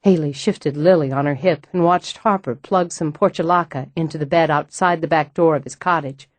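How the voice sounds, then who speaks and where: Audiobook narrator, woman, low voice, calm measured reading, dry close sound. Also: dry recording. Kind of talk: scripted narration.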